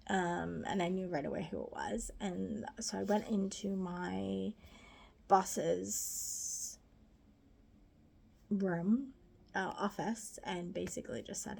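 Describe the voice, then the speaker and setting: A woman reading her own diary aloud, soft and often half-whispered, halting and grieving. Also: mid-range voice, gravelly, slightly rough. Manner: halting, with restarts. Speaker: diary reader.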